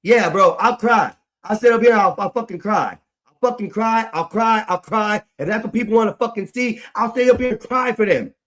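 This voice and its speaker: High-voiced man ranting, swearing nonstop. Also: normal speed, a bit bright. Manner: swears heavily, repeats himself, frustrated. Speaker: livestream host. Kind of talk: angry livestream rant.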